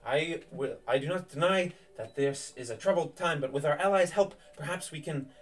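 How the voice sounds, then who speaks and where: A determined young noblewoman speaks in a raised, earnest, pleading voice, as a male game master puts her on. She refuses to abandon her people, and her words come fast and heartfelt. The voice sits a little away from the microphone. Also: fairly high pitch, far from the mic, pitched above the performer's own voice, close to an everyday voice. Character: stubborn protective young noblewoman.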